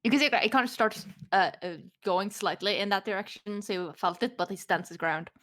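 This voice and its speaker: A woman's voice: mid-range voice, brisk, fairly bright tone. A woman running a tabletop game as game master, narrating with lots of hesitant fillers.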